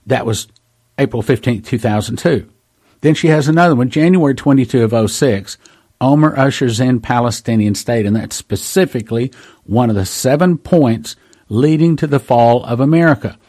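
A man hosting a prophecy talk show preaches earnestly, calling his audience brothers and sisters. His monologue includes long readings of dates and quotes, delivered at a moderate pace in a mid-range voice with a darkish tone.

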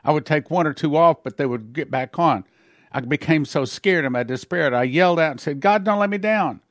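A man's voice: fairly high pitch, a little fast, a bit bright, no room sound, clean studio sound. Earnest man telling a testimony. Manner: acts out dialogue with shifting voices; earnest, plain storytelling with small slips. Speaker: preacher giving testimony. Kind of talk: spoken testimony sermon.

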